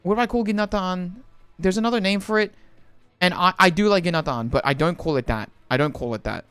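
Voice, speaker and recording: A chatty young man from the Philippines whose Australian accent carries a Filipino lilt, rambling loosely as he answers his stream's chat. His voice sits a little high for a man, and the sound is close and dry with no room around it. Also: fairly quick, a bit bright, smooth, no room sound, soft background music. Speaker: livestreamer. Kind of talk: casual livestream chat.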